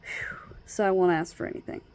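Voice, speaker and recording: A woman vlogging in casual personal talk, hesitant, with many pauses, fillers and restarts. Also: darkish tone. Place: outdoors at night by her door.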